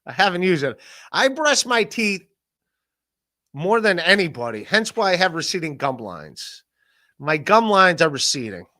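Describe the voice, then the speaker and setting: A man hosting a podcast, rambling in a casual solo rant, swearing, laughing often and mock-shouting the people he quotes. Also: high voice, big pitch swings, a little slow. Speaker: podcast host.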